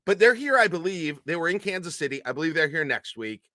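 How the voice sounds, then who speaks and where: A man's voice: fairly high pitch, big pitch swings, fast talker, bright, forceful tone, dry recording, clean studio sound. A man co-hosting a casual sports podcast, jokey and rambling. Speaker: podcast co-host.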